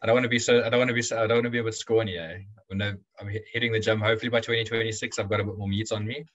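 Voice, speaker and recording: A young man with a fairly low voice sits as a guest in a casual chat. He talks in a loose, rambling way, restarting his sentences and laughing along. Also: flat delivery, rapid-fire, fairly bright tone, highs cut off.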